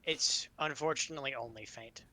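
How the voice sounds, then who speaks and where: Bright-voiced male game master. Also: mid-range voice, brisk, a little hiss or hum. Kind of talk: narrating a tabletop game.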